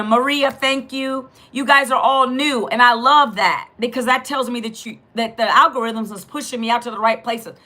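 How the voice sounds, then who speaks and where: A woman in her fifties from Northern Virginia with a raspy voice, talking bluntly straight to her viewers on a phone live stream. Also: high voice, sharp tone. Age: 50s. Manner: blunt, talks straight at the chat. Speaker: livestream host.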